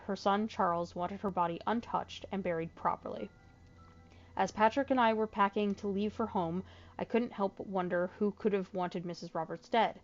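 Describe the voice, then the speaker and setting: A sleepy woman playing a video game who talks through her thoughts and reads in-game letters aloud in a measured way. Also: mid-range voice, dull audio. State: sleepy, yawning. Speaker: let's play gamer. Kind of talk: casual gameplay commentary, reading in-game letters aloud.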